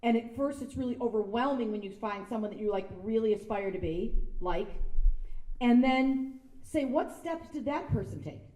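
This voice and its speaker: A woman's voice: on the high side, expressive, moderate pace, mellow, far from the mic. A woman giving a casual speech at an event, chatty and self-deprecating, acting out the quotes in her stories. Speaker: guest speaker. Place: sound stage event space. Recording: echoey room.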